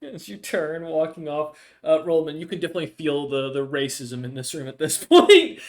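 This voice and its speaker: A man's voice: fairly high pitch, sing-song, normal speed. A man running a tabletop game as game master, narrating loosely with many fillers and restarts.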